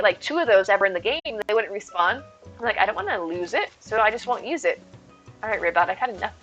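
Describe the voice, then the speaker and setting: A woman's voice: fairly high pitch, a bit bright. A woman live streamer chatting casually and rambling as she answers her chat, with faint music behind her. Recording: slightly dull stream audio with faint music.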